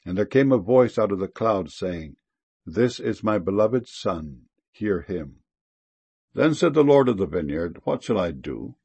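A man giving a solemn King James Bible reading, measured and reverent, lingering on key words. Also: on the low side, expressive, mellow, slightly rough. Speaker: scripture reader.

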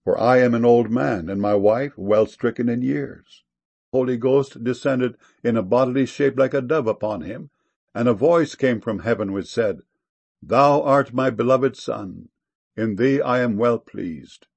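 A man giving a solemn, measured scripture reading with a gravelly, husky voice. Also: mid-range voice, a little mellow. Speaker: scripture reader.

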